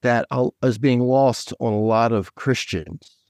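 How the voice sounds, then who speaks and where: A man's voice: medium pitch, a little slow, darkish tone, no echo, studio quality. A man, a guest author, in casual faith talk, speaking eagerly and in scattered bursts with many restarts.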